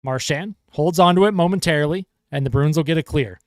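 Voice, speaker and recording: A man calling hockey play-by-play as a fan livestreamer, excitable and chatty with his viewers. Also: on the high side, a little fast, no room sound, clean studio sound. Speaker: fan commentator livestreaming a game. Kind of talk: casual play-by-play commentary.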